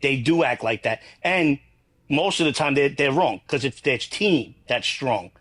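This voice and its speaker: A man's voice: mid-range voice, lively intonation, a little slow, fairly bright tone. Blunt, rambling man. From New York. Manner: blunt, rambling, swears freely. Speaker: guest. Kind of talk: casual interview talk.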